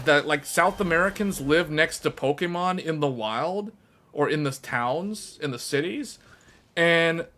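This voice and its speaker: A man streaming to his viewers, chatting casually in a rambling, animated way and laughing often. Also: on the high side.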